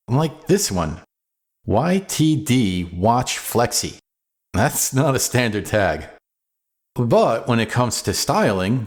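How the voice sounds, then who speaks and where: A man explains web coding in scripted narration. His pitch swings widely and jumps up on rhetorical questions. His humor is dry and playful. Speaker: web design video host.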